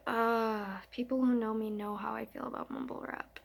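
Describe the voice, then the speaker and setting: Gravelly young woman telling a story. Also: fairly high pitch, little pitch movement, normal speed, few pauses. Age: young adult. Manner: slangy, rambling, frank storytelling. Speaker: vlogger. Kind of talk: casual storytime chat.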